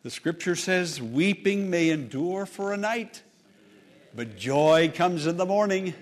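A man's voice: high-pitched, animated, slow pace, crowd noise, noisy background. A male pastor preaching an emphatic sermon to a congregation, repeating phrases for emphasis. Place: church service with congregation.

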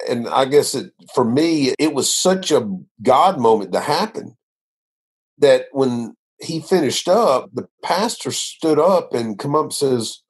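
A man's voice: mid-range voice, lively intonation, slow pace, slightly rough. A man, a minister, telling his faith testimony in an earnest, rambling conversational way, full of restarts. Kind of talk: conversational interview.

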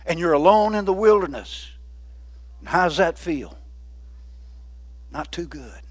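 A man's voice: fairly high pitch, lively intonation, a little slow, faint music behind. A man preaching a sermon in a folksy, conversational way, often putting questions to the congregation. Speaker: pastor.

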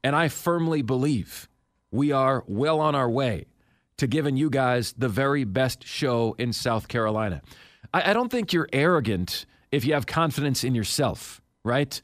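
A man's voice: medium pitch, expressive, normal speed, no echo, clean studio sound. A man hosting a sports talk radio show, speaking with confidence and emphasis and repeating key points.

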